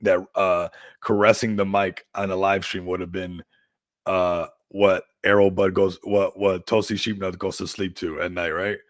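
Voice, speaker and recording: A man's voice: low voice, flat delivery, normal speed, dry recording, studio quality. A man hosting a crypto livestream, chatting casually in a rambling, upbeat hype style and laughing often.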